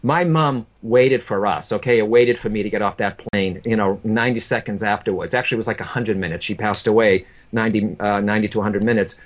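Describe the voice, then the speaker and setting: A man's voice: lowish voice, fast talker, few pauses. A man who works as a medium, telling an emotional personal story in an earnest, repetitive way and often addressing the host by name.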